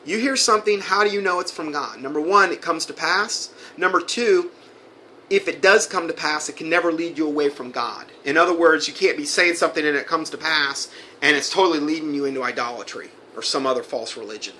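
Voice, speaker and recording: A man with a somewhat high voice delivers fiery sermon-style commentary. He reads passages aloud and then answers them with heated indignation. Faint background noise sits under the recording. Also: brisk, sharp tone. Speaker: preacher.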